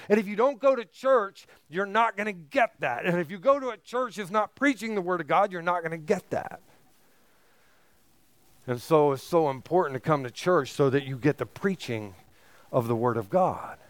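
A man preaching a sermon as pastor, emphatic, building to forceful peaks on key phrases. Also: sits high, no echo.

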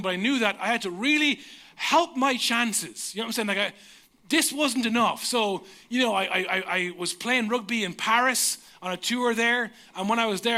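High-voiced Irish pastor telling jokes. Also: male voice, bright, forceful tone. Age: 30s. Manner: self-mocking, humorous storyteller. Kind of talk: sermon with personal stories.

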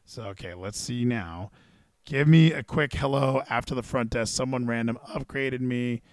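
A man hosting a live wrestling stream. He chats casually and excitably, swears freely and thinks aloud as he goes. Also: medium pitch, normal speed, no room sound, clean studio sound. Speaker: stream host.

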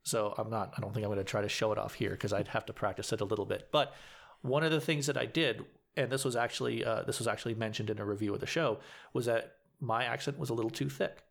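A man's voice: on the low side, fairly even intonation, fast talker, vocal fry. A man, a community theater actor giving advice in a casual interview, earnest and explanatory with frequent restarts.

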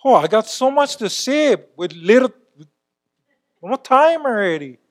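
A man preaching a sermon as a church elder, talking emphatically and swinging between loud exclamations and quiet asides. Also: very high-pitched, big pitch swings, measured pace.

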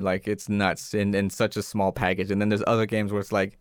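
A man's voice: on the low side, little pitch movement, moderate pace, hardly any pauses, clean tone, dry recording, studio quality. A man co-hosting a podcast in casual chat, rambling and restarting his sentences. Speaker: podcast co-host.

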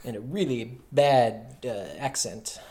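A man's voice: medium pitch, steady tone, measured pace, darkish tone. A man co-hosting a casual podcast. He rambles loosely, wanders off track and swears freely. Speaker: podcast co-host.

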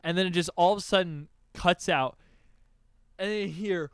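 A young man chatting casually on a podcast, telling a story and acting out his own excited reactions. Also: high-pitched, fairly quick, clean tone, no room sound. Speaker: podcast co-host. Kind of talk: casual chat, album reaction.

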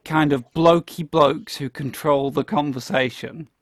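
A man's voice: a little high, steady tone, measured pace. A man co-hosting a casual podcast chat, hesitant, with many fillers and restarts. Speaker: podcast co-host. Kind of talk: casual chat about a TV play.

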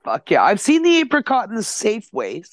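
Recorded at home in Nova Scotia with no room sound, this podcast host talks casually and excitedly, cursing without restraint. His voice sits high, moves fairly quickly, and swoops wildly in pitch.

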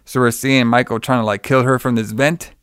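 A man's voice: medium pitch, fairly even intonation, a little fast, a bit bright, smooth, no echo, studio quality. A man casually retelling a film's plot with lots of fillers and swearing. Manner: loose, profane retelling with many fillers. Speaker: podcast co-host recapping a film. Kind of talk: casual chat.

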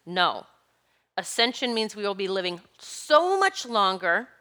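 A woman with a bright, forward voice talks through spiritual ideas in a loose, casual way. She rambles and hunts for the right words as she goes, with laughs between her thoughts. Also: mid-range voice, sing-song, measured pace. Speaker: spiritual speaker.

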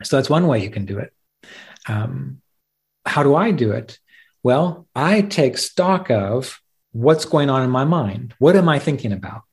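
A man's voice: mid-range voice, very animated, measured pace, vocal fry, a little mellow. A man hosting a podcast, teaching meditation in a reflective, conversational way and telling stories with plain fillers. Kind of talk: spoken teaching talk.

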